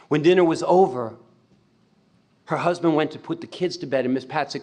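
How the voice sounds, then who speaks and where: A man giving an animated storytelling talk, retelling a friend's words with frequent "he said.". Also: a little high, a little fast, pauses often. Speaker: speaker.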